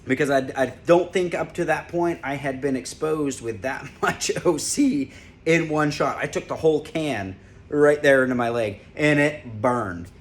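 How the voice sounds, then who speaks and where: A man's voice: on the high side, unhurried. A former corrections officer, a man, casually telling a lighthearted story and laughing as he recalls it. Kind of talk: casual personal storytelling to camera.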